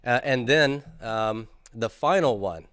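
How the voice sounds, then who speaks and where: A man's voice: medium pitch, slow, fairly bright tone, clear, resonant tone, dry recording, studio quality. A man teaching a classroom grammar lecture, patiently drilling students through forms and asking them to repeat after him. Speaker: Greek teacher.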